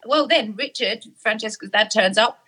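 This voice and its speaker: A woman's voice: on the high side, normal speed, sharp tone, slightly rough. A middle-aged woman in a casual chat, telling a story with lots of laughter and acted-out voices. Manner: chatty storyteller, laughing often, acts out voices.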